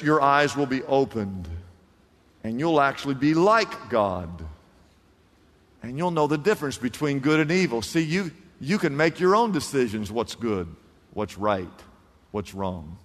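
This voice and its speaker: A man preaching a sermon, swinging between loud, emphatic lines and hushed ones and acting out the voices in the story. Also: a little high. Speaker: pastor. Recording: hall reverb.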